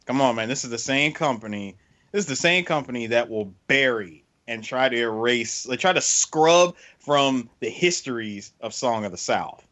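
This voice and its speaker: A man co-hosting a podcast in casual banter, insistent and excitable, quick to cut in. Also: mid-range voice, no echo, dull audio. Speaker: podcast co-host.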